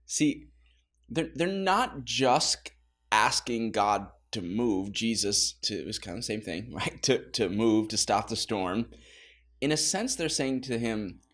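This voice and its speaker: A man's voice: lowish voice, expressive, slow, fairly bright tone. A man pastor leading a casual Bible study, talking conversationally with laughing asides.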